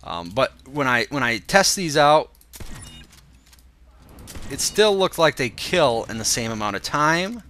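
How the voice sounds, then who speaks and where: Unhurried and pausing often, a young man with a medium-pitched, stuffy-nosed voice narrates a game walkthrough for his video channel. He keeps it relaxed, musing aloud and leaning on filler words.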